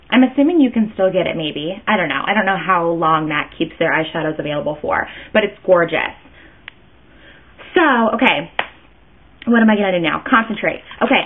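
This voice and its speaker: A woman chatting her way through a makeup tutorial, rambling and interrupting herself as she goes. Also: mid-range voice. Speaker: beauty vlogger. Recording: tinny phone-like sound.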